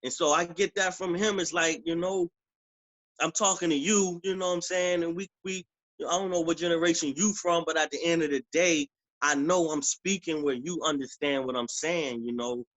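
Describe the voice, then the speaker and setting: A man, an author and preacher, talking casually in an interview, with relaxed slang and frequent "you know what I'm saying". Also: a little high, normal speed, no room sound, poor audio.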